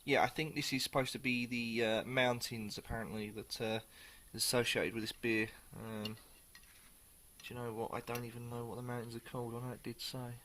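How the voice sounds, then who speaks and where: A man's voice: mid-range voice, flat delivery, fairly quick, bright, forceful tone, slight background noise. A man chatting casually through a beer review on his channel, rambling, swearing and correcting himself as he goes.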